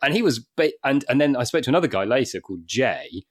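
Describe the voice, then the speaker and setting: A man, a stand-up comedian, chatting as a guest and telling lively anecdotes with frequent laughs. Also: medium pitch, fast. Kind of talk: casual chat.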